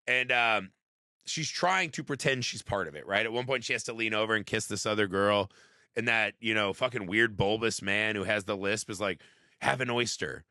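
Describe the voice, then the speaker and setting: With a voice on the low side and a normal speed, this young movie podcast co-host keeps things casual, cursing freely, getting animated, and performing movie quotes. The audio is studio quality without echo.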